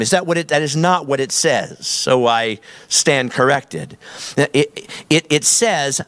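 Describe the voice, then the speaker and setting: A man's voice: mid-range voice, takes it slowly, a bit bright, no echo. A middle-aged man, a pastor preaching a sermon in an emphatic, repetitive storytelling manner.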